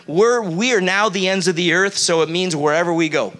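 Brief: animated male preacher, high bright voice, quizzes his congregation. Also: normal speed. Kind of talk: sermon to a live congregation. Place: church.

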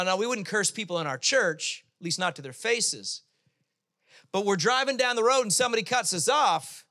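Bright, high-voiced preaching man. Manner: conversational, humorous preaching with sudden bursts of acted voices. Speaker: pastor. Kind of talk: sermon.

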